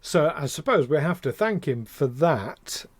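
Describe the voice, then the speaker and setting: A man's voice: fairly high pitch, lively intonation, a little slow, dry recording. A man co-hosting a podcast, talking casually with passion and many fillers and restarts. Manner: impassioned, ranting, lots of fillers and restarts. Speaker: podcast co-host.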